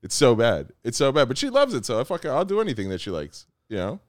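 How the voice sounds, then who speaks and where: A man co-hosting a podcast in casual, joking chat, animated and quick to slip into silly voices. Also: mid-range voice, no echo, clean studio sound. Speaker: podcast co-host.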